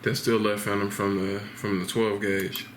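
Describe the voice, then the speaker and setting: A man's voice: lowish voice, little pitch movement, moderate pace. A man hosting a reaction video, commenting casually in a drawling way. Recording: echoey room with music behind.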